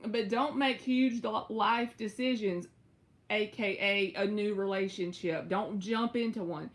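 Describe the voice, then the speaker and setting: A young Southern US woman reads tarot on a casual live stream, chatting with viewers in a drawl that stretches out her words and suddenly jumps high. Her pace is unhurried.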